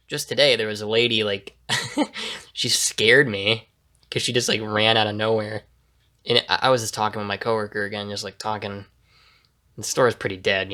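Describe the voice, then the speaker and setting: A young man co-hosting a casual podcast, telling a rambling story full of fillers and swearing. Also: lowish voice. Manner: rambling storyteller with many fillers, loud laughing shouts when mimicking. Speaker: podcast co-host. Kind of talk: casual chat.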